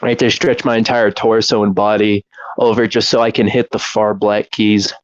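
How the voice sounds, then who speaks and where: A young man co-hosting a casual podcast, joking around with deadpan, rambling humor. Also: fairly low pitch, normal speed, no echo, dull audio. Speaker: podcast co-host. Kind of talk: casual chat.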